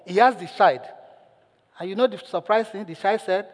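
A male pastor preaching a sermon, telling a story with lively acted lines and putting questions to the congregation. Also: high-pitched, moderate pace, long reverb tail.

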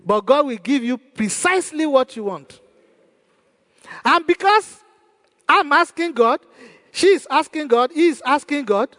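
A man's voice: extremely high pitch, fairly bright tone. A male pastor preaching a sermon in a church hall, emphatic and repeating his key phrases. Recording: long church hall reverb.

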